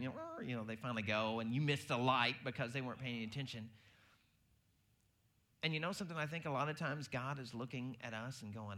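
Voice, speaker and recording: A man's voice: medium pitch, a little fast. A man preaching a sermon, telling everyday stories and acting out the voices in them. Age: adult with a baby due. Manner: animated storytelling, acting out quoted voices. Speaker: pastor.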